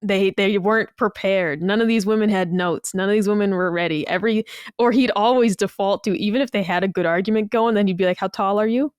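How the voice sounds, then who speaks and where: A woman's voice: mid-range voice, a little fast, clean tone, no room sound, clean studio sound. A woman co-hosting a podcast, chatting casually and telling stories with lots of fillers. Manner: animated storyteller, frequent "like" fillers. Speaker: podcast co-host. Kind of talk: casual chat.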